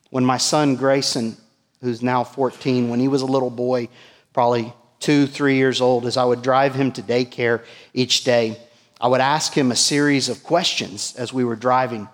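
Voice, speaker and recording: A middle-aged man preaching a sermon as pastor, swinging from emphatic peaks to hushed lines and asking the congregation questions. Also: medium pitch, big-room sound. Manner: rises to emphatic peaks and drops to hushed asides, asks the church questions.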